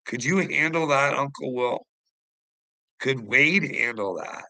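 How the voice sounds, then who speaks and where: A man's voice: medium pitch, slow pace, pushed and bright, dry recording, low-quality recording. A man delivering a profane, confrontational vlog rant, taunting the people he addresses. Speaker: online commentator. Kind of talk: ranting vlog monologue.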